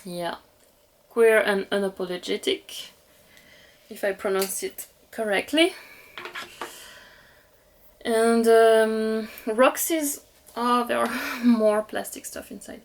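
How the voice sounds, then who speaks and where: A woman's voice: fairly high pitch, steady tone, slow, pauses often, slight background noise. A young woman with a French accent, chatting casually and gushing as she unboxes dolls for her viewers. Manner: gushing, giggly, talks to viewers. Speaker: doll collector vlogger.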